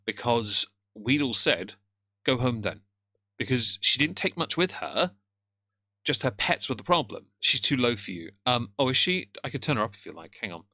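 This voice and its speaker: A man talking on a live stream in a loose, rambling way. His voice is bright and forward, recorded close and dry on a desk mic, with no room sound. He greets viewers and stumbles over a word now and then. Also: mid-range voice, big pitch swings, moderate pace, no echo. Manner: rambling, chatty, greets chat, stammers at times. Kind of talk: casual live-stream commentary.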